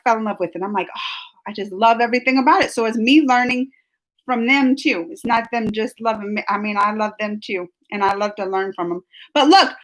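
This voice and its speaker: On a computer mic, a woman with a slightly bright voice on the high side runs a relaxed live stream and reads viewers' chat comments. Her delivery rambles and chats along, broken by frequent laughter and restarted sentences.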